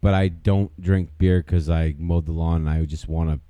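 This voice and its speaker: A man's voice: low voice, fairly even intonation, normal speed, no echo, narrow, tinny audio. A man co-hosting a podcast in casual chat, laid-back and drawling, often repeating himself. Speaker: podcast co-host.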